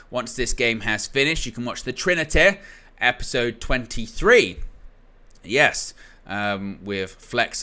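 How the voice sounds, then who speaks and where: With a medium-pitched voice that's bright and forceful, a young man runs a casual football watchalong stream. He jokes around and reads viewers' comments aloud.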